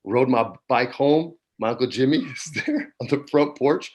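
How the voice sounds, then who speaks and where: A man in his forties from New Mexico, a guest telling stories in a relaxed chat, dropping "man" and "dude" often, on a video call from home. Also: medium pitch, normal speed. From New Mexico, USA. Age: 40s. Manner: laid-back, peppers talk with "man" and "dude". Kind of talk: casual storytelling chat.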